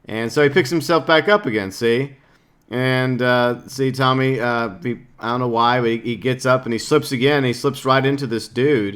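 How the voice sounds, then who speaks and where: A man's voice: mid-range voice, fairly even intonation, moderate pace, a bit bright, clean tone. A man, a gaming YouTuber, casually breaking down a game trailer with jokes and lots of filler words. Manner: rambling, joking, lots of fillers.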